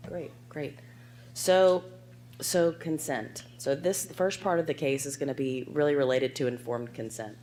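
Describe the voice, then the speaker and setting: Hoarse woman moderating a medical panel. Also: very deep voice, a little slow, a little hiss or hum. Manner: reads case details in an even, clinical way. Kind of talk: presenting a clinical case at a medical conference. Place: conference hall.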